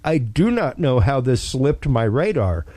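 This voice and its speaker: Man, podcast host, enthusiastic, filler-heavy, slow delivery, dry close sound. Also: medium pitch, big pitch swings, warm tone, dry recording. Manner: enthusiastic, with many ums and repeats. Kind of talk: casual podcast talk.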